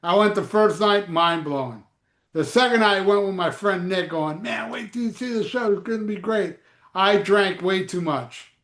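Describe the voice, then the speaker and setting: A man with a fairly high voice chats casually as a show host. He tells animated stories and swears freely. The sound is roomy and echoey. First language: Spanish. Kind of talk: casual chat.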